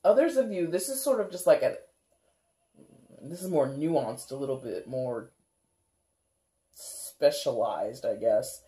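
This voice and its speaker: Chatty tarot reader with a mellow voice. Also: mid-range voice, animated, slow, long pauses. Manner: chatty, rambling, full of "like" and "kinda"; laughs often, acts out viewers' reactions. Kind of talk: casual tarot reading for viewers.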